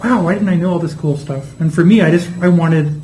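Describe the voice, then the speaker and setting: A man's voice: a little high, warm tone. A man from Oklahoma, co-hosting a casual talk show and sharing personal stories. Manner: quick, eager, shares personal stories. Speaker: co-host. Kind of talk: casual chat. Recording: echoey room with background noise.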